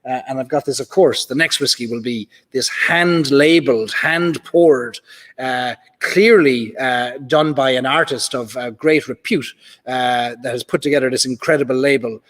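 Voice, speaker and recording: A man's voice: mid-range voice, normal speed, a bit bright. A man with an Irish accent hosting a live whiskey stream, chatting casually and reading out viewer comments from a club hall. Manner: chatty, reads out viewer comments, many fillers. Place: large club function hall. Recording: reverberant hall.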